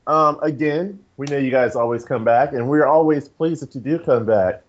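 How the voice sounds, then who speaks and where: A man hosting a casual podcast. He talks in a playful, rambling way, with big swoops in pitch. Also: normal speed, highs cut off. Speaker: podcast host.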